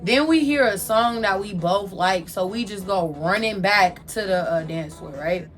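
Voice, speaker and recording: A woman's voice: medium pitch, measured pace. Young woman, casual storytime, slangy, candid, faint background music. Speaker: vlogger telling a personal story.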